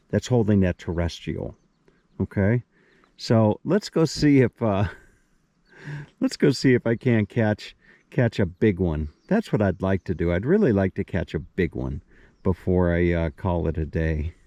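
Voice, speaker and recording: A man's voice: fairly low pitch, mellow, dry recording, dull audio. An older man vlogging by a creek outdoors, talking in a folksy, rambling way and repeating himself. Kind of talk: casual outdoor vlog.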